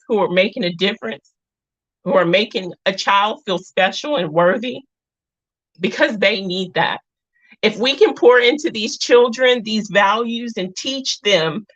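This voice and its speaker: Her voice is medium in pitch, and the dull, lo-fi recording has no room sound at all. She's a live-stream host in her thirties having an earnest, heartfelt talk with viewers, drifting away from the topic and back again while warm, emotional and close to crying.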